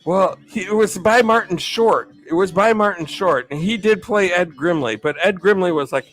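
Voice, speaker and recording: A man's voice: high voice, moderate pace, fairly bright tone, soft background music. A man hosting a live stream, chatting in an upbeat way and thanking viewers. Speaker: livestream host.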